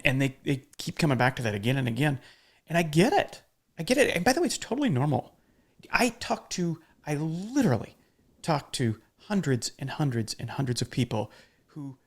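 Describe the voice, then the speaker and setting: A man's voice: a little high, very animated, normal speed, creaky. A man hosting a podcast in casual conversation, talking emphatically and bluntly, with the odd swear word. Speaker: podcast host.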